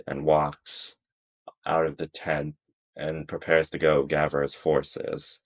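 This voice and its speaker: Very deep-voiced man narrating a fan story. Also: little pitch movement, slow. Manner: rambling, frequent restarts. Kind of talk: casual fan-fiction storytelling.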